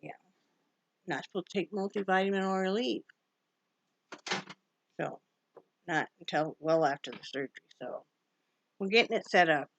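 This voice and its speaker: A woman's voice: on the low side, normal speed, long pauses, a little hiss or hum. A woman from Wyoming chatting casually in a home vlog, rambling and short on sleep, who often slips into fond baby talk with her dog. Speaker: vlogger. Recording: dull lo-fi home recording.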